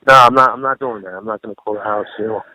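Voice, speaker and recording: Calling in to a casual radio interview, a man recalls a late friend through rambling, profane stories sprinkled with "you know." His lowish voice races along with a sharp edge, and the recording is dry.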